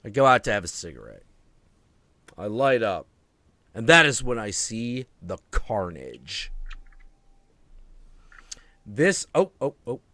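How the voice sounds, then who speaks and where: A man hosting a live video-call stream, telling a story in an animated way and swearing freely. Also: on the low side, slow, pauses often, no room sound. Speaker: host. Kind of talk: casual chat on a live stream.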